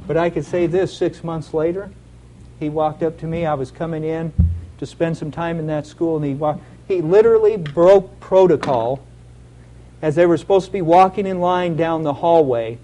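A man's voice: a little high, moderate pace, warm tone, slight background noise, low-quality recording. A man giving an earnest, heartfelt sermon with a personal testimony. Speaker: lay preacher.

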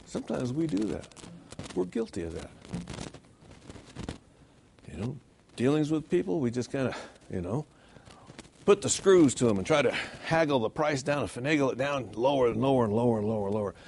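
A man preaching a sermon in a church, animated and rhetorical, often checking in with "okay?". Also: medium pitch, brisk, vocal fry, pauses often, slight background noise. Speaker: pastor.

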